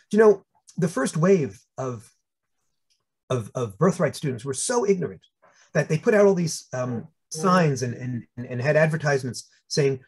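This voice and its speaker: An older man with a New York accent tells stories with plenty of humor, and his pitch swings widely as he goes. His voice is a bit husky. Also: normal speed. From United States. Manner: animated, humorous storytelling with voiced asides. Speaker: speaker. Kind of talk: storytelling talk.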